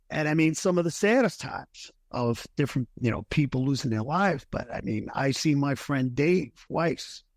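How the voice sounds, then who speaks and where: A middle-aged man, a retired firefighter, telling a personal story as a podcast guest, earnest and halting, often restarting his sentences and sometimes thick with emotion. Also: on the high side, a little mellow, no echo.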